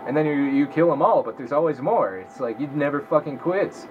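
A man's voice: medium pitch, expressive, fairly quick, few pauses, a little mellow, highs cut off, slight background noise. A young man giving casual, profanity-laden let's-play commentary, talking to himself as he plays. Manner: swears a lot, talks to himself while playing. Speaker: gameplay commentator.

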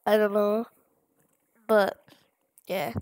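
Slow, rambling woman playing a game. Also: mid-range voice, fairly even intonation, darkish tone, no room sound. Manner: rambling, with many fillers and restarts. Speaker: gamer. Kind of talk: casual gameplay commentary.

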